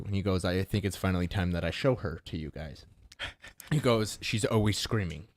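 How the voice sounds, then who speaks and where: A man's voice: low voice, dry recording. A young man co-hosting a podcast, animatedly retelling a funny video between laughs. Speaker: podcast co-host. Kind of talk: casual chat.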